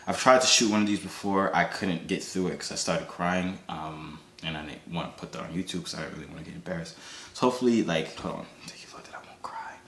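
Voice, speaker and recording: A man's voice: low voice, fast talker, a bit bright, roomy sound, a little hiss or hum. A young man hosting a casual video chat vlog, joking and boastful, sometimes whispering to himself. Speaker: YouTuber host.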